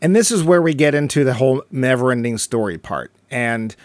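A man's voice: medium pitch, animated, fairly quick, dry recording. A man co-hosting a podcast, chatting casually about a movie and retelling scenes with acted-out quotes. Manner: enthusiastic, acts out quotes in character. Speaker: podcast co-host. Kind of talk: casual movie review chat.

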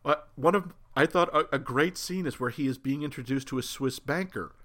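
A man from New England giving animated, opinionated takes in a casual film conversation, laughing often. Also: medium pitch, fairly quick.

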